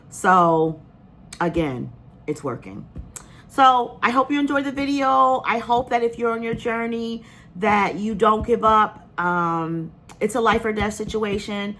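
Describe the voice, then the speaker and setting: Speaking in a medium pitch that is expressive and a bit bright, a woman vlogs to her viewers at a slightly slow pace. She is earnest and emotional, close to tears, and her casual talk rambles with many fillers and restarts.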